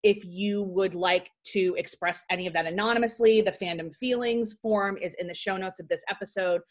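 A woman in her forties hosts a podcast and tells a story in a casual, chatty way. Her pitch sits in an ordinary middle range. She fills her talk with "like" and throws in quick, lively asides. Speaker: podcast host.

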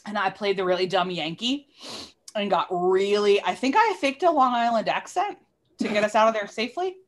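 A woman's voice: mid-range voice, brisk. Tipsy woman telling a sweary story. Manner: animated, swears freely, self-interrupting. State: tipsy from drinking. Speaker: podcast co-host. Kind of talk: casual storytelling chat.

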